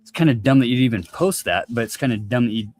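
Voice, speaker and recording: A man's voice: mid-range voice, lively intonation, fast, darkish tone, no room sound, faint music behind. A man telling a long story in casual chat, laid-back and slangy, swearing freely.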